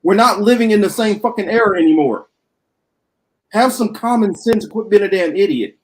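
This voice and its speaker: A man's voice: high voice, animated, normal speed, poor audio. A man co-hosting a political talk show, arguing bluntly and with profanity in a heated debate.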